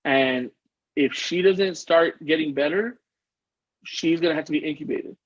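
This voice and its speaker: A man's voice: a little high, measured pace, highs cut off. A man telling a personal story as a podcast guest, earnest and rambling, often restarting his sentences. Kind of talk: casual interview storytelling.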